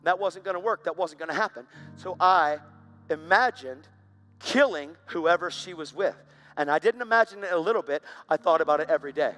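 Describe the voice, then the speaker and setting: Man, preacher, high voice, intense storytelling, sermon testimony. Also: brisk, fairly bright tone, faint music behind.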